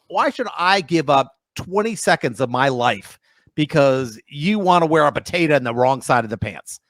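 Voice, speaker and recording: Wry male co-host with a lively voice. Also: a little high, normal speed, no room sound, clean studio sound. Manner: wry, dramatic, swings voice for quotes. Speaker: radio show co-host. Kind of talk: casual comedic radio chat. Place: radio studio.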